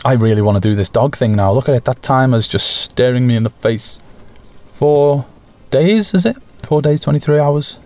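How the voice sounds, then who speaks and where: A man's voice: medium pitch, moderate pace. Jokey man narrating gameplay. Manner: jokey and self-mocking, excited bursts. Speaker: gaming channel host. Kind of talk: casual gameplay commentary.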